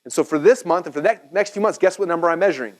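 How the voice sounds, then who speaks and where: A man in his thirties teaching a business seminar at a whiteboard, energetic and chatty, checking in with "okay?" and "right?". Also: fairly high pitch, rapid-fire, low-quality recording. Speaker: speaker teaching business marketing.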